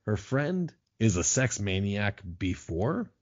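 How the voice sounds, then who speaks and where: Man, very low voice, sarcastic and profane, casual podcast chat, dull lo-fi sound. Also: very animated, slow pace. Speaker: podcast guest.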